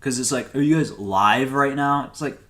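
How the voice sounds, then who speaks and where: A man's voice: medium pitch, normal speed, a bit bright. A young man co-hosting a podcast, telling stories and making dry, sarcastic wisecracks. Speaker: podcast co-host. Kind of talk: casual chat.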